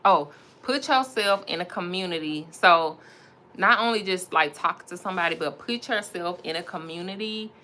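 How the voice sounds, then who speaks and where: A woman's voice: fairly low pitch, normal speed, pushed and bright, a little hiss or hum. A young woman, chatting casually and animatedly to her viewers on a livestream, laughing often. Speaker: entrepreneur livestreaming while styling a wig.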